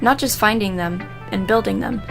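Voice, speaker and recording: A woman voicing a shy, polite, bookish teenage girl, speaking softly and hesitantly while reading game dialogue aloud. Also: medium pitch, normal speed, gravelly, music in the background, lightly acted. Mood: gentle. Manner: soft, hesitant, apologetic.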